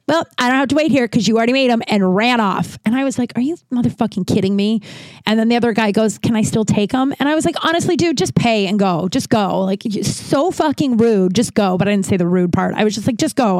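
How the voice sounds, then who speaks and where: A woman in her thirties tells a bartending story in a loose, rambling way, swearing as she goes. Her voice sits at an ordinary pitch for a woman. The sound is close and dry, with no room echo. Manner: rambling, profane, animated. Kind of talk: casual storytelling.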